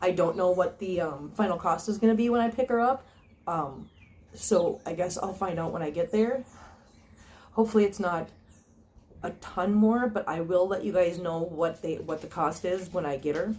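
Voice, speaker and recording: Fairly low-pitched and a little mellow, a woman talks at a moderate pace in a casual phone-camera vlog for her cat channel. She's earnest and chatty, with many ums and restarts.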